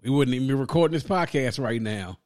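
Chill young dude on a podcast, short reactions, asks questions, normal mid voice. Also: male voice, mid-range voice, lively intonation, quick pace, a little mellow. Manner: laid-back, brief reactions and questions. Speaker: podcast co-host. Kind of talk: casual podcast chat.

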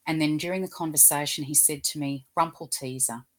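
A woman, an animal communicator, telling gentle, earnest stories in an interview and acting out the quotes. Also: low voice, fairly even intonation, fast. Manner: gentle, earnest storyteller who acts out quotes. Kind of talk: storytelling interview chat.

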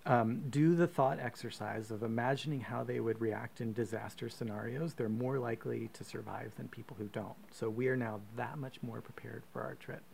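A man hosting a podcast, reading out a silly story with a grin in his voice. His tone is gravelly and mid-range, with frequent laughs and a faint hiss of room noise. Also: medium pitch, fairly even intonation, moderate pace, hardly any pauses, a little mellow. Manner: playful, self-mocking, laughs often. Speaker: podcast host. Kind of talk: comic storytelling.

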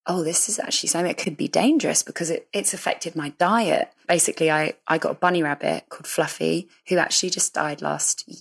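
Guest: woman, low voice, open and self-deprecating, quick to laugh. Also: gravelly, slightly rough. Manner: chatty, candid, self-deprecating, laughs often. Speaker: musician guest. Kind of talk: candid interview chat.

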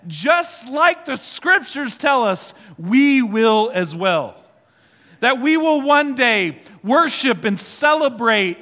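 A man preaches from the pulpit in a high, bright, forceful voice, drawing his congregation into call-and-response. His words ring out with a long hall reverb, and soft music plays underneath. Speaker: pastor. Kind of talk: sermon. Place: church sanctuary.

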